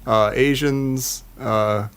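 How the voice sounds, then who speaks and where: A man's voice: mid-range voice, fairly even intonation, drawn-out words, fairly bright tone, smooth. A man co-hosting a podcast in casual comedic chat, laughing often and joking. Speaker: podcast co-host.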